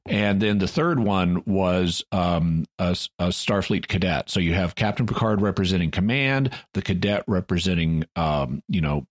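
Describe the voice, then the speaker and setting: A man's voice: sits low, normal speed, few pauses, no echo, clean studio sound. A man co-hosting a podcast, recapping a show with frequent restarts and acted-out quotes. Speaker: podcast co-host. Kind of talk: casual chat, recapping an episode.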